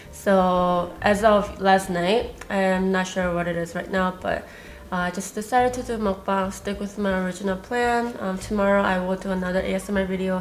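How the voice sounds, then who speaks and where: A young woman who is a little sick, chatting casually to camera as a food vlogger and rambling with fillers and restarts. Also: mid-range voice. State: slightly sick. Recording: faint static and soft music.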